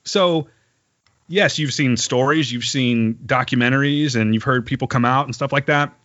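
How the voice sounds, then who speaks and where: Chatting casually on a podcast, a man with a mid-range voice tells a story, animated, profane and quick to laugh. The room is dry and the recording sounds slightly dull.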